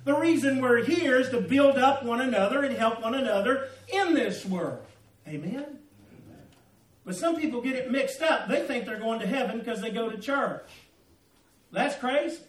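A middle-aged male pastor with a strikingly high voice preaches a folksy, humorous sermon. He talks straight to his congregation, and the sound carries through an echoey church, picked up from some distance off the mic. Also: lively intonation, normal speed. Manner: folksy preaching with humor and audience call-outs. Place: church sanctuary.

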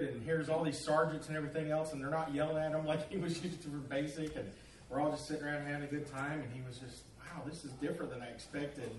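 A man delivers a sermon, rambling and folksy with plenty of "uh"s. His voice sits a little high for a man. He is heard from a distance in an echoey church sanctuary with faint room noise. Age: middle-aged or older. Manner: folksy, rambling with many fillers. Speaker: pastor. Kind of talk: sermon with storytelling.

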